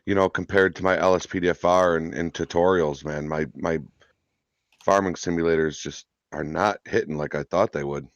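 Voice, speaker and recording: A chatty male gaming streamer rambles about his plans in a lowish voice. The sound is dry and close to the mic. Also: fairly even intonation, normal speed, dry recording, muffled recording. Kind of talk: casual stream chat.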